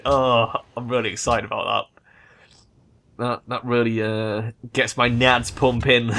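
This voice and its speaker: A young man talks through a strategy game as he plays, thinking out loud. His voice sits at an ordinary middle pitch, and he turns excitable and loose with his language, swearing freely. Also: a little slow. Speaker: let's play gamer. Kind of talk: gameplay commentary.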